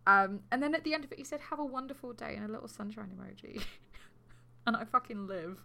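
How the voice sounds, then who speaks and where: Woman, podcast co-host, casual true crime storytelling, bright tone, animated and sweary. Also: fairly high pitch, fast, vocal fry.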